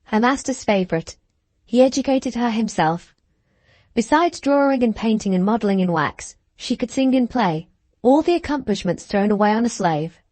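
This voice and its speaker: A woman's voice: a little high, animated, normal speed, darkish tone, no echo. Snide gushy young woman, a lady narrator doing her in an audiobook, mocking, dry close sound. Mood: scornful gushing. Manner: scornful, effusive, mocking. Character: spiteful, gushing young woman. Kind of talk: audiobook character reading.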